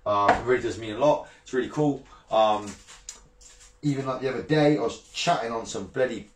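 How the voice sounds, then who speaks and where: A man's voice: medium pitch, brisk, reverberant. A brash man in his thirties, ranting bluntly and swearing freely in a casual vlog, often laughing. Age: 30s. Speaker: fishing channel vlogger.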